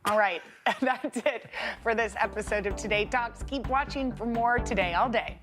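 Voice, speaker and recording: A woman's voice: a little high, normal speed, fairly bright tone, faint music behind. A woman hosting a casual chat segment, joking around. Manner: jokey. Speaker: host.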